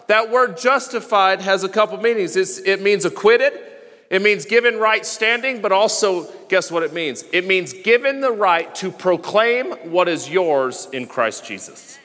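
High-voiced, emphatic preaching man. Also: long reverb tail. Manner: emphatic, repetitive chanting, bursts of shouting. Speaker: pastor. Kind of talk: sermon. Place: church sanctuary.

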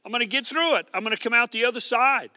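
A man preaching to his church in an emphatic, call-and-response style, his voice pitched high and strikingly bright. He drives his points home through repetition. The sound is close and dry up front, with a long reverb tail from the hall behind it. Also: fast. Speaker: pastor. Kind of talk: sermon.

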